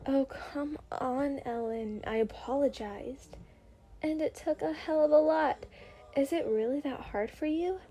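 A woman voicing a proud, sullen teenage schoolboy in a soft ASMR story reading, in a gruff, grudging manner. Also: high-pitched, a little slow, soft background music. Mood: sulky.

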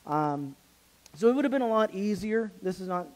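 A man preaching a sermon in a church, retelling a story in a casual, animated way with many restarts. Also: high voice, normal speed, poor audio. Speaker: pastor.

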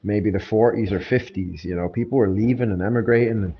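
Low-voiced man, laid-back banter. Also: fairly quick. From Ireland. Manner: laid-back banter, laughs easily, repeats words as he restarts. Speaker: MMA fighter, podcast guest. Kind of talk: casual podcast chat. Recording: dull lo-fi sound with faint noise.

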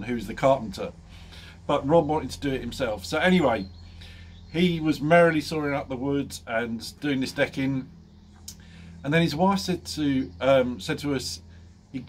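A man's voice: medium pitch, a little hiss or hum. A man vlogging casually, telling a funny story with lots of ums and laughing often. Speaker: motorcycle vlogger.

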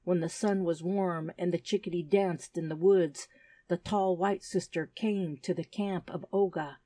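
A woman's voice: fairly low pitch, steady tone, measured pace, dark tone, dry recording. A woman voicing an earnest young native boy who speaks in solemn, formal storyteller phrases in an audiobook. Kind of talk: audiobook character reading.

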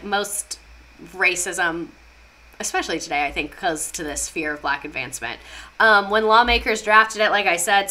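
Young woman, history streamer, casual and sarcastic, bright voice, medium pitch. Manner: chatty, sarcastic, reads chat aloud. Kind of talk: casual livestream history lesson.

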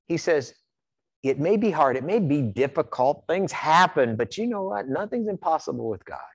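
A man preaching a sermon from Iowa, telling folksy stories in an animated way and often repeating his words. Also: on the high side, normal speed, husky, no echo. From Iowa, USA. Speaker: pastor. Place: church sanctuary.

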